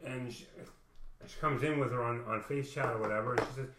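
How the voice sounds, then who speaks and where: A man's voice: mid-range voice, fairly even intonation, a little fast, background noise. A man telling a personal story in a rambling, profane casual monologue, full of "man". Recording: echoey room.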